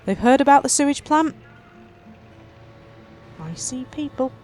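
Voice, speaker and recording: Soft music plays behind a woman whose high, darkish voice stays expressive and unhurried. Chatty and wry, she narrates her city-building game casually and speaks directly to her sims while constructing.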